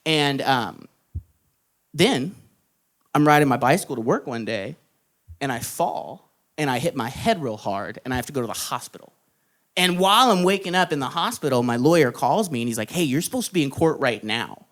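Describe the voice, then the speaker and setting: A man's voice: medium pitch, expressive, normal speed, fairly bright tone. A young man doing a stand-up comedy set, telling a long story in a loose, casual way and acting out the other people in it. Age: young adult. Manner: casual storytelling, says dude a lot, acts out quoted lines. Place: comedy club stage.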